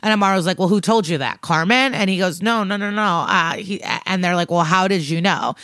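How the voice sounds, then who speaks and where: A woman's voice: lowish voice, fairly quick, a bit bright, dry recording. A woman co-hosting a podcast, retelling a TV episode in casual chat and quoting the characters as she goes. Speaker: podcast co-host.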